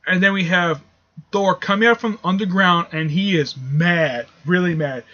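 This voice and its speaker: A man's voice: sits high, a little slow, pushed and bright. A man reviewing a comic book issue in a casual, rambling way, with frequent fillers and restarts, recorded with dull lo-fi sound. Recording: dull lo-fi audio.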